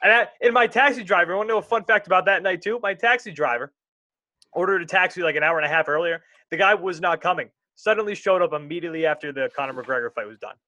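A young man co-hosting a casual sports podcast, rambling and animated, often interrupting himself. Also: high voice, fast, no room sound, lo-fi sound.

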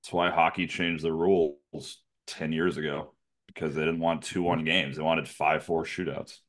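A man's voice: rumbling low, little pitch movement, normal speed. A man co-hosting a podcast in casual chat, blunt and joking and swearing freely. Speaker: podcast co-host.

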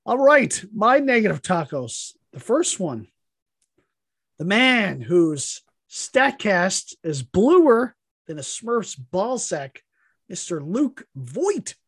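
A man's voice: high-pitched, big pitch swings, slow pace, a bit bright, slightly rough, dry recording, studio quality. A man co-hosting a casual podcast, trading profane, mock-insulting trash talk with his partner. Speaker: podcast co-host. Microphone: podcast microphone.

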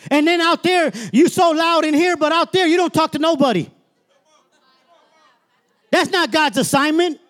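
A man's voice: extremely high pitch, lively intonation, moderate pace, pauses often, fairly bright tone. A man preaching a sermon as minister, emphatic and colloquial, often calling out "Amen?" to the congregation.

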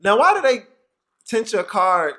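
A podcast host chatting casually, with a relaxed, teasing manner. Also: medium pitch. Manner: relaxed, quick to laugh, teasing. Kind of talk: casual chat.

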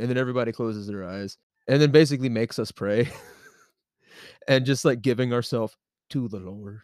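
A young man from the American South, casually telling a long story on a podcast, animated and laughing often with many fillers. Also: mid-range voice, normal speed, no echo, studio quality. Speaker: podcast co-host.

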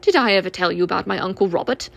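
A woman's voice: fairly low pitch, quick pace, gravelly. A woman voicing a pompous, learned old male owl in a storybook reading, with a lecturing manner.

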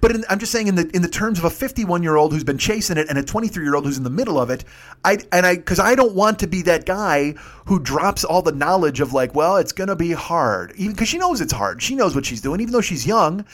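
A man's voice: high-pitched, expressive, fast talker. A man, hosting a podcast and telling rambling, profane stories in a casual solo monologue. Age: 50s. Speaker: podcast host.

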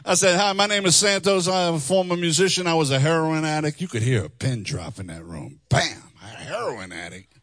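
A man's voice: fairly high pitch, a little fast, no echo. Middle-aged guy preaching his testimony, sings bits, laughs a lot, dry close sound. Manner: animated, singing phrases, laughing asides. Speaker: chaplain and preacher. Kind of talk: testimony sermon with sung lines. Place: church hall before a congregation.

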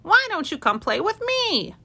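A woman's voice: very high-pitched, very animated, measured pace, gravelly, bright, forceful tone, pitched above the performer's own voice, full character voice. A woman voicing a playful, mischievous squirrel in a read-aloud storybook. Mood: teasing.

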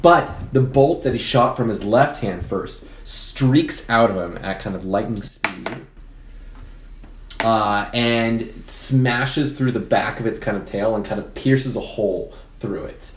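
A man narrating as game master of a tabletop game, relaxed with many fillers. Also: on the low side, unhurried, reverberant, a little hiss or hum. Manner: relaxed, frequent fillers, breaks into laughter.

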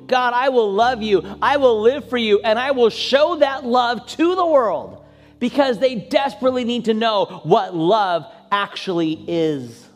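High-voiced pastor in an echoing hall. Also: male voice. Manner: impassioned prayer, rising high and loud at peaks. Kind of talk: sermon closing and prayer.

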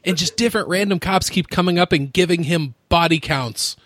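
A man's voice: sits high, fairly quick, fairly bright tone, no echo, studio quality. A man hosting a podcast, chatting casually, joking and laughing often like a gushing fan. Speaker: podcast host.

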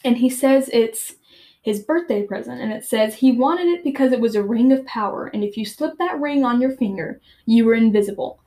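A teenage girl hosts a book podcast, retelling a chapter in a chatty, filler-heavy way and reading passages aloud. Her voice sits fairly high. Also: brisk, mellow. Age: teens. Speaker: podcast host.

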